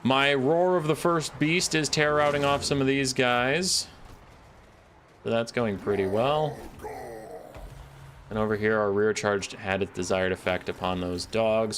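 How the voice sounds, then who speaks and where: A man with a lowish voice speaks at normal speed in a steady tone, with a crowd audible behind him. Streaming a strategy game live, he keeps up casual commentary on his moves, playful and self-deprecating, with mock-scolding asides.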